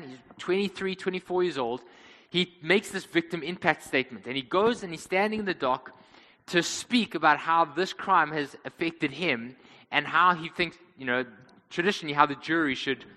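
A man's voice: fairly high pitch, pushed and bright, long reverb tail, poor audio. A man preaching a sermon, telling a story in an earnest way and calling his listeners friends.

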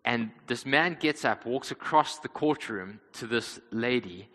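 A man's voice: medium pitch, measured pace, a bit bright, in a large hall, poor audio. A man preaching a sermon, telling a story in an earnest way and calling his listeners friends.

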